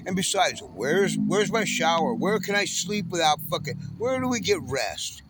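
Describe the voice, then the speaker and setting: A man's voice: a little high, very animated, a little slow, a little hiss or hum. A homeless man in his sixties from Southern California, ranting angrily in a profane, bitter monologue. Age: 60s. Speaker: homeless panhandler.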